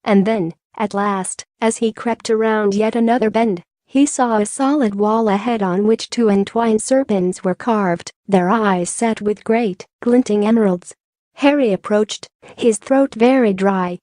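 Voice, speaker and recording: A woman reading an audiobook in measured, even storytelling narration. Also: medium pitch, dry recording, clean studio sound. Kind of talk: scripted narration.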